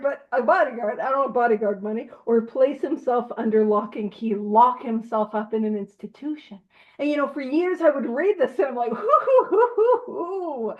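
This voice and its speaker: A woman leading a recovery book study in a chatty, self-mocking way, reading passages aloud and laughing often. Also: high voice. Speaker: study group leader. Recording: dull lo-fi sound.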